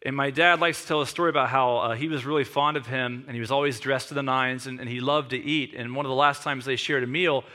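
A man's voice: mid-range voice, fairly even intonation, fast talker, few pauses, sharp tone. A man in his forties preaching a sermon, reading scripture and telling self-deprecating stories in a conversational way. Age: 40s. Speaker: pastor.

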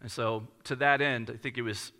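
A man's voice: medium pitch, steady tone, normal speed, pushed and bright. A man in his thirties, a pastor preaching a sermon to a congregation in a conversational, self-deprecating storytelling manner.

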